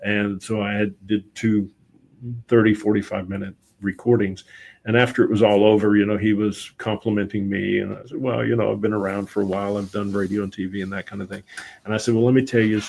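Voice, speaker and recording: A middle-aged man, a guest on a talk show, telling lively anecdotes in a relaxed conversational way and often quoting himself. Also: lowish voice. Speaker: guest, voice-over and public speaking teacher. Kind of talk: casual conversational storytelling.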